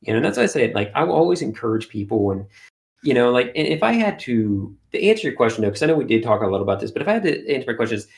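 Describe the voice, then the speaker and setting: A man chatting as an interview guest, an energetic storyteller who uses lots of fillers. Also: mid-range voice, rapid-fire, gravelly. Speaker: guest, art streamer. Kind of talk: casual interview chat.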